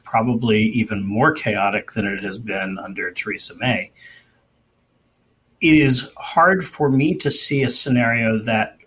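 A man on a political discussion panel, speaking in a measured, analytical way. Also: lowish voice, fairly bright tone, husky, low-quality recording.

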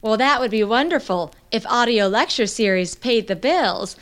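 An actress playing a practical, prim housewife who briskly reminds her husband that the bills need paying. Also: on the high side, lively intonation, lightly acted. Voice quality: brisk, no-nonsense. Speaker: the host's wife.

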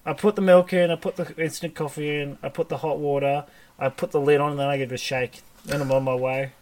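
A man's voice: a little high, level tone, darkish tone. Chatty young man, jokey. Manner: chatty, jokey, quick restarts. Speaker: podcast co-host. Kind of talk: casual chat.

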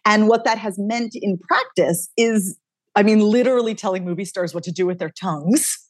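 A woman dialect coach chatting energetically as a podcast guest, quick and talkative. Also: medium pitch, dry recording. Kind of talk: casual podcast interview.

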